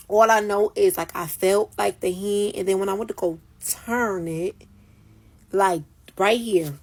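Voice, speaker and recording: Husky woman telling a profane story. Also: medium pitch, measured pace. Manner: profane, emphatic, dramatic retelling. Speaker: storyteller recounting her work night. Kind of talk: casual storytime monologue. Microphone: phone.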